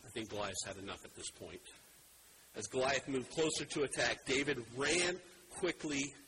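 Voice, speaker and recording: A man preaching a sermon as pastor, talking with strong emphasis that builds to loud dramatic stress. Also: mid-range voice, normal speed, rough recording. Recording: steady background hiss.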